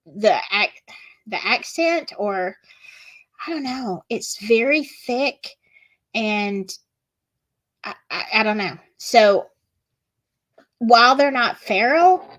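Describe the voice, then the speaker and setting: A woman with a Southern US accent and a slightly high, somewhat bright voice hosts a casual livestream. She chats with viewers in a gossipy way, reading the chat aloud as she goes.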